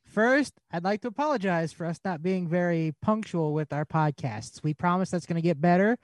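A man's voice: sits high, animated, moderate pace, no echo. A man co-hosting a racing podcast, joking about himself while he welcomes listeners. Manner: jokey, self-deprecating. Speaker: podcast co-host. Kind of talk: casual racing podcast chat.

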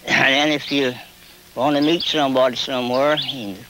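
A man's voice: steady tone, normal speed, background noise. A man, telling plainly how country folk hollered to each other. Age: 70s. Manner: plain-spoken, demonstrates long high hollers. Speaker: traditional holler caller. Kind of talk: folksy storytelling with hollering calls.

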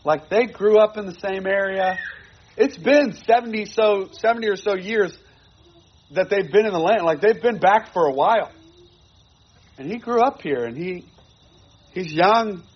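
Husky high-voiced man preaching. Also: unhurried, pauses often, dull audio. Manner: earnest, repeats phrases for emphasis. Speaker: pastor. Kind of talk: sermon.

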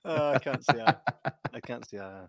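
A man's voice: medium pitch, lively intonation, moderate pace, crowd noise. A man co-hosting a podcast, teasing and laughing often. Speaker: podcast co-host. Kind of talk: casual podcast chat.

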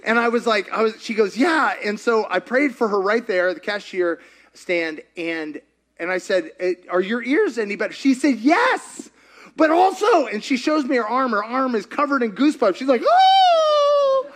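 Animated high-voiced male preacher. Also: moderate pace. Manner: animated, chatty, laughs often. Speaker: pastor. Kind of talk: sermon with storytelling.

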